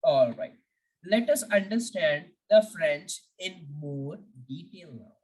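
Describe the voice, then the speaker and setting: A woman's voice: on the low side, lively intonation, slow, a little mellow. A woman teaching a beginner French lesson, patiently repeating each word for her learners. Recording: voice a bit distant from the mic.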